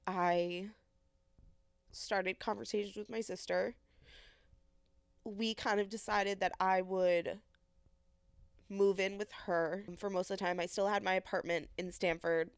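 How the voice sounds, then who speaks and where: A woman's voice: fairly low pitch, clear, resonant tone, no echo. A young woman hosting a podcast, earnestly retelling a hard personal story with many quoted asides. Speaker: podcast host.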